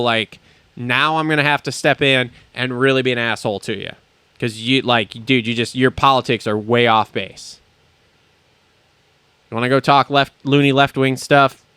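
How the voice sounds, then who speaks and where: A man's voice: fairly high pitch, bright, forceful tone, smooth, no room sound. A man hosting a podcast from a studio, ranting in a blunt, profane and indignant way. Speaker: podcast host. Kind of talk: heated podcast rant.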